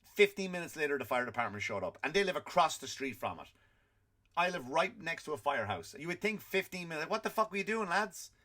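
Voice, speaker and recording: A man's voice: fairly high pitch, sing-song, a little fast, bright, forceful tone. A middle-aged man hosting a comedy podcast, ranting in an exasperated, profane way and acting out quotes. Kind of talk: comic rant.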